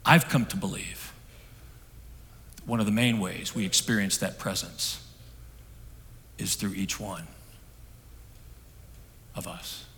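A middle-aged man preaching a sermon, telling a story that swings from hushed and soft to loud. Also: fairly low pitch, slow, long pauses. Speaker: pastor. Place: church hall. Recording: long hall reverb.

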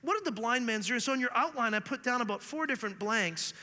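Pastor, male, high bright voice, lively storytelling sermon, long hall reverb. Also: fast talker. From Canada. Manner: earnest, animated storytelling with humor.

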